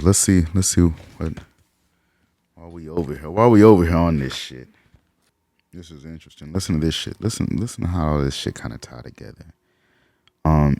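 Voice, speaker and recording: A man's voice: extremely low pitch, vocal fry, darkish tone, no echo. A man giving a casual, profane lecture on old texts, reading passages aloud and musing bluntly as he goes. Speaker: occult lecturer.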